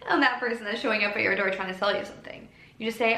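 Gentle encouraging woman in a roomy space. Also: fairly high pitch, creaky. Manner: gentle, encouraging, stretches key words slowly. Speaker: self-help speaker and podcaster. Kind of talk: reflective self-help monologue. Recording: roomy with faint background noise.

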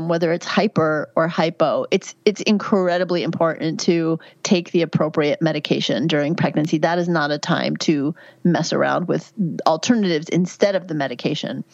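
Midwife guest in her fifties: frank, chatty woman, low voice, muffled dry mic. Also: dry recording. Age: 50s. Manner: warm, chatty, candid. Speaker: guest, midwife and health author. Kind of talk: conversational interview answers.

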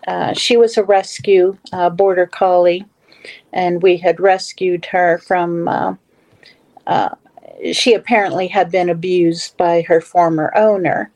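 A woman's voice: on the low side, steady tone, a little slow, darkish tone, poor audio. A middle-aged woman telling a personal story as a guest in a casual talk, with many fillers and restarts. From Western Pennsylvania / Ohio area.

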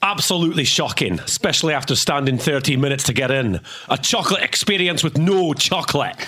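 A man's voice: fairly high pitch, expressive, brisk, background noise, close to an everyday voice. A man reading a review in a broad, put-on Scottish accent as a grumpy Scottish adult. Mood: outraged.

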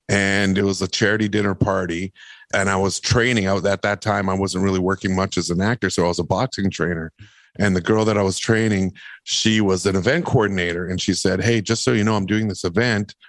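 Man with a lowish voice, podcast guest, animated rambling anecdotes, dry sound. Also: no echo. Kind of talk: casual storytelling.

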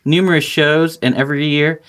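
A man's voice: fairly high pitch, steady tone, fairly quick, a bit bright. A man hosting a casual chat, joking and reading a sponsor spot.

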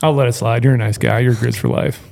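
Fast, gravelly man from Minnesota. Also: medium pitch, steady tone, darkish tone. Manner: joking, teasing. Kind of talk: casual podcast chat.

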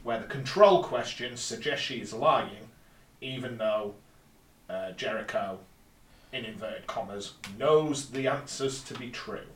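A man's voice: medium pitch, a little slow, a bit bright, slight background noise. A man recapping an episode plot step by step on a casual podcast, with dry little asides. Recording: roomy, distant mic.

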